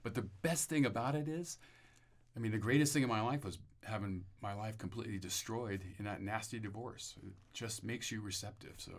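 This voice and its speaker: Man, lowish voice, rambling testimony, frequent restarts. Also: a little fast. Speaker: interview guest. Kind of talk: personal testimony.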